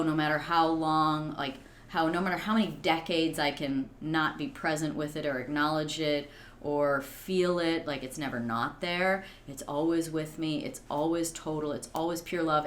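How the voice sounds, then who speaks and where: A woman's voice: sits low, roomy sound, a little hiss or hum. A woman in her thirties, a podcast guest, talking earnestly and reflectively with many "like"s. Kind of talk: reflective conversation.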